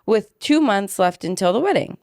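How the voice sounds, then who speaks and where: A young adult woman co-hosting a podcast, chatting casually and reading listener stories aloud in a relaxed, offhand way. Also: mid-range voice, moderate pace, no echo, studio quality. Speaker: podcast co-host.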